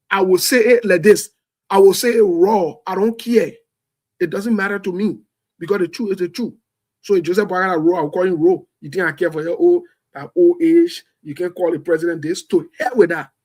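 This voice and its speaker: A man from Liberia hosting a show, speaking bluntly and emphatically in impassioned political commentary, repeating phrases for force. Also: high-pitched. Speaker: show host. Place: home in the United States.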